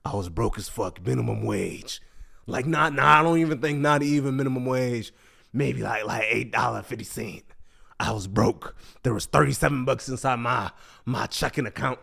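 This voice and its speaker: A young man chatting casually on a podcast, telling stories in slangy, animated talk. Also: medium pitch, moderate pace, vocal fry. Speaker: podcast co-host. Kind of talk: casual chat.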